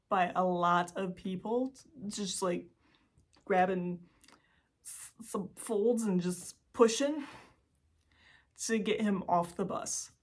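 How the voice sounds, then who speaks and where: Young woman, American accent, casual storytelling host, giggly, rambling asides, mid-pitched voice.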